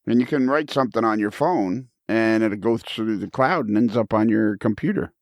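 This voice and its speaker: A podcast host in a recording studio tells a rambling, self-deprecating story in casual chat. His voice is on the low side, at a moderate pace, with no echo.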